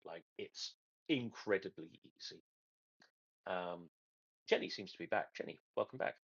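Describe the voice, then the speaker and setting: Deep-voiced man, dry sarcasm. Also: gravelly, fairly bright tone, no echo, lo-fi sound. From England. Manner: dry sarcastic humor, halting. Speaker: podcast host. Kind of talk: casual geopolitical chat.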